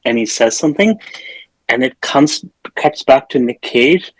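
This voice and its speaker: A man's voice: medium pitch, expressive, measured pace, breathy edge, no echo, rough recording. A man hosting a podcast film review in casual chat, rambling and filler-heavy as he retells scenes. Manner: retells scenes with acted-out quotes. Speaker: podcast host.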